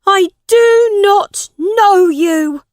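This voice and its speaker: A woman's voice: very high voice, extremely slow, darkish tone, no echo, studio quality, pitched above the performer's own voice, exaggerated voice. A woman voicing a young boy pretending to be king, speaking in a raised, strained boyish voice. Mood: angry. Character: boy posing as king, upset and defensive.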